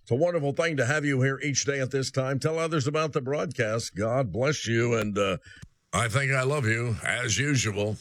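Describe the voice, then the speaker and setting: A man's voice: mid-range voice, moderate pace, no echo. A male radio host closing his program with earnest thanks and a sign-off. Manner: warm, earnest closing words.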